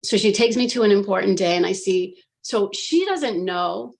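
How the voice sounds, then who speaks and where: With a creaky, medium-pitched voice at a moderate pace, a woman tells a live panel on a video call about being hypnotized. She keeps it casual and animated, packs in filler words, and performs her own remarks as quotes.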